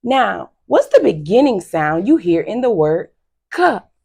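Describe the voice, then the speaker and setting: A woman teacher giving a phonics lesson to young children, slow and encouraging with frequent praise. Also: mid-range voice, sing-song, vocal fry, darkish tone, slightly rough.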